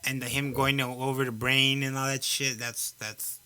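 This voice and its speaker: A man's voice: mid-range voice, flat delivery, normal speed, bright, forceful tone. A man co-hosting a podcast, chatting casually in a laid-back, profane, slangy way. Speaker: podcast co-host. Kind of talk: casual chat.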